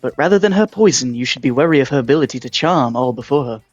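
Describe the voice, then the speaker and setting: A man's voice: mid-range voice, expressive, fast, no room sound, lightly acted. A man voicing a gracious, formal male tournament announcer over a live stream, with stately, ceremonious phrasing. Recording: dull lo-fi mic with faint music.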